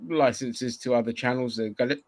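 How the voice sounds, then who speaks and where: A man's voice: mid-range voice, steady tone, a little fast, crowd noise. A man hosting a casual online chat show, rambling and swearing, with lots of restarts. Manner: profane, rambling, many restarts. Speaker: podcast host.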